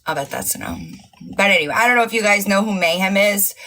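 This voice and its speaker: A woman's voice: mid-range voice, fast, pushed and bright. A woman hosting a casual livestream, mocking and profane, laughing often and losing her voice. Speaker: livestream host.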